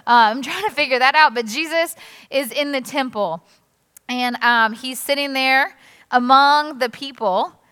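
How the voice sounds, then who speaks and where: Woman pastor, chatty sermon, bright clear voice, big church hall reverb. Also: sits high. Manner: animated, chatty, acts out quotes with "like". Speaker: executive pastor. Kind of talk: conversational sermon. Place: church auditorium.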